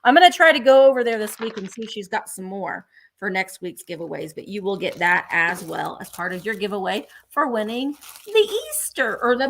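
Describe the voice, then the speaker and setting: A woman hosts a live-selling stream for vintage goods, chatting enthusiastically and gushing over every item she presents. Her voice is medium-pitched and a bit bright, with slight background noise.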